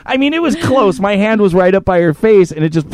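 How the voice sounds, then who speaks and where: A man's voice: sits high, sing-song, a little fast, a little mellow, no room sound, clean studio sound. A man hosting a podcast and telling a story in casual, profane chat. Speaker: podcast host.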